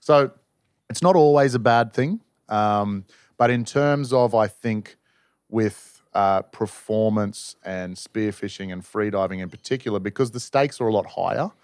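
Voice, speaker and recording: A man hosting a podcast, talking in an animated, chatty way. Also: on the low side, a little slow, clear, resonant tone, dry recording, clean studio sound. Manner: animated, chatty, laughs easily. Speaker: podcast host, freediving instructor. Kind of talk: casual conversation.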